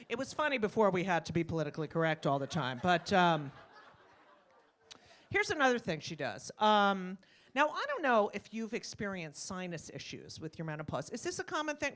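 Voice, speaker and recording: Brash animated woman comic, bright voice. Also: lowish voice, normal speed. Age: middle-aged. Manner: brash, animated, acts out voices, swears freely. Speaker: stand-up comedian. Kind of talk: stand-up comedy set. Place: comedy club stage.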